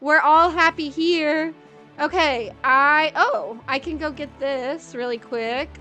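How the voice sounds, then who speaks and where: Woman, game streamer, high voice, slow easy pace, playfully dramatic chatter. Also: pushed and bright, faint music behind. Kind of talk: casual gameplay chat with viewers.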